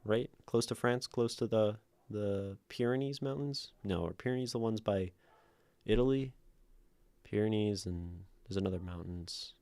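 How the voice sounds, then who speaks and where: A man's voice: fairly low pitch, normal speed, warm tone, no room sound. A man hosting a livestream, reading viewer submissions aloud and commenting on them, thinking aloud with many fillers, self-corrections and laughs. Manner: laughs often mid-sentence.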